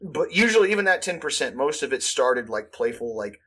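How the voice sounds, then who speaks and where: A man's voice: mid-range voice, sing-song, a little fast, a bit bright, breathy edge. A man around thirty telling rambling, profane school stories in casual chat, full of "like" fillers and acted-out quotes.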